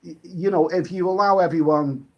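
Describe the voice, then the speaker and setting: A man's voice: high-pitched, steady tone, normal speed, lo-fi sound. A British man hosting a casual late-night live stream, rambling and chatty, often restarting his sentences and reading viewer comments.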